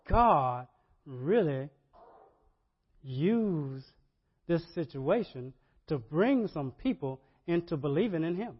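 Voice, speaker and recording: A man preaching a sermon, animated, repeating words and rising to loud emphasis. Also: on the high side, slow, pauses often, breathy edge. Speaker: pastor. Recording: dull lo-fi sermon audio.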